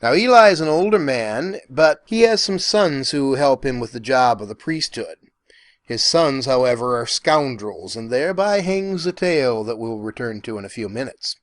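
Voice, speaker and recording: A professor narrating a lecture in an animated, folksy storytelling manner. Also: male voice, medium pitch, moderate pace, no echo, clean studio sound.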